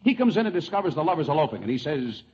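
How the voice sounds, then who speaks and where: A jovial man hosts a 1940s radio comedy, his fairly high voice bouncing up and down. He is quick to laugh. The broadcast sounds dull and old, with faint hiss. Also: sing-song, a little mellow, slightly rough. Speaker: comedy show host.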